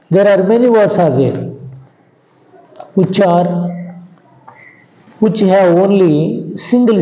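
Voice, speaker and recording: Slow Indian English teacher, echoey room. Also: male voice, warm tone. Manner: slow and repetitive, checks in with "understand?"; drops pitch at the ends of sentences. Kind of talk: classroom lecture. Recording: echoey room, dull lo-fi sound.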